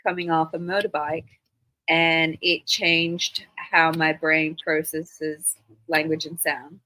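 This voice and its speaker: A woman's voice: deep voice, flat delivery, slow pace, bright, forceful tone, dry recording, poor audio. A woman from Australia hosting a casual live stream, chatty and full of rambling anecdotes. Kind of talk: casual chat.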